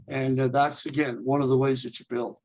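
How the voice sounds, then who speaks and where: A man's voice: mid-range voice, little pitch movement, fairly quick, a little mellow, muffled recording. A man, a ministry leader, explaining steps in an interview in an earnest way, firing off rhetorical questions and often restarting his words. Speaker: guest, men's ministry leader. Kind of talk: instructional interview talk.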